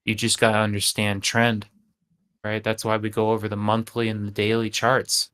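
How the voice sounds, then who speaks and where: Man hosting a trading livestream, animated. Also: fairly low pitch, moderate pace, clear, resonant tone. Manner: animated, rhetorical questions, frequent "right?". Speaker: trading channel host. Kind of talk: casual livestream talk.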